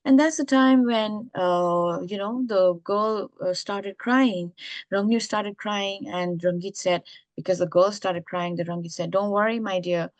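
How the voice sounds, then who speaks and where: A woman from the Eastern Himalaya telling an old folk tale in an unhurried, searching way, full of pauses and fillers. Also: mid-range voice, steady tone, no room sound. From Eastern Himalaya, India. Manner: unhurried, with many fillers and restarts. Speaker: speaker retelling indigenous folk tales. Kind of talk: storytelling talk.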